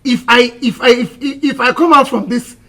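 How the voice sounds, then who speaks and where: An actor with a Nigerian accent playing a comic henpecked husband in a Nollywood comedy, pleading and blustering, mixing Igbo with pidgin. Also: male voice, extremely high pitch, fairly even intonation, moderate pace, fairly bright tone, heavily acted.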